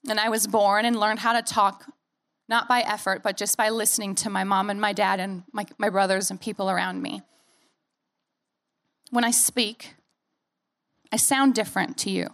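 A young American woman pastor preaching a sermon in an earnest, animated way with playful asides; her accent has softened after years in Australia. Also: mid-range voice, normal speed, long pauses. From United States.

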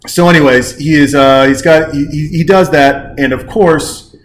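A man co-hosting a podcast, chatting casually about a movie and acting out its scenes with lively bursts of shouting. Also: fairly high pitch, normal speed, slight background noise. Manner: animated, acts out movie scenes with shouted curse-laden lines. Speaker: podcast co-host. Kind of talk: casual movie-review chat.

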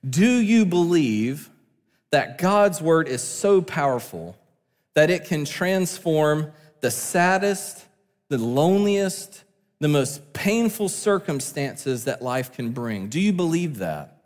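A man's voice: on the high side, very animated, slow, long reverb tail. A man preaching a sermon from the pulpit, earnest and building to emphatic peaks. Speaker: pastor. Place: church sanctuary.

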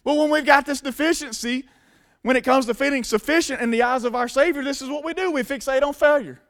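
Man, pastor, high voice, emphatic casual preaching, sermon. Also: fast, fairly bright tone.

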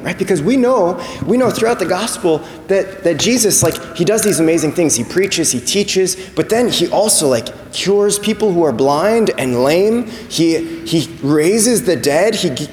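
A man's voice: sits high, darkish tone. Man preaching in an echoey church. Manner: conversational, repeats words, acts out voices in quotes. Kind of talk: sermon. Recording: echoey church hall with long reverb.

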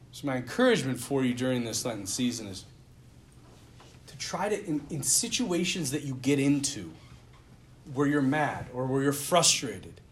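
A man giving a Lenten talk, an animated storyteller with casual, filler-heavy speech. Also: medium pitch, slight background noise. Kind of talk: storytelling talk ending in prayer.

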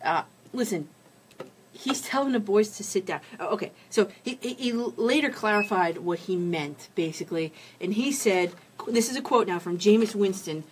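A woman's voice: medium pitch, lively intonation, moderate pace, slight background noise. A woman hosting a sports talk show, reading sports news and giving heated, opinionated commentary.

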